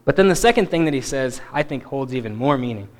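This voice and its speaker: A man teaching a Bible passage in a sermon, stressing key words emphatically and dropping to quiet asides. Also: mid-range voice, lively intonation, fast. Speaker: preacher.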